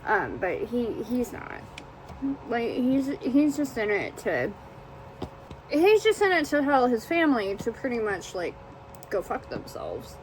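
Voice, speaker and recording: Chatting casually about a book she read, a woman reviewer rambles and swears, with many fillers. She speaks unhurriedly in a voice on the high side with big pitch swings. The rough recording carries slight background noise.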